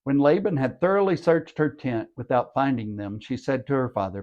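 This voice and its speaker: A man's voice: medium pitch, normal speed, few pauses, darkish tone, muffled recording. A man who hosts a podcast, reading a scripture passage aloud and breaking in with wry jokes. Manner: wry, joking asides. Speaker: scripture reader and podcast host. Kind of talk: bible reading with asides.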